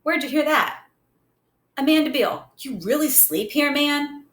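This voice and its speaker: Woman voicing a brash street boy, slangy, boastful, high voice, roomy echo. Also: animated, unhurried.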